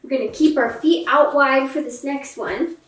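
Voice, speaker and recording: A young woman teaching a yoga class for children, giving gentle, encouraging cues and playful animal sounds. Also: high-pitched, moderate pace. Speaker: yoga instructor. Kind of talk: kids yoga class instruction. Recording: echoey room, mic at a distance.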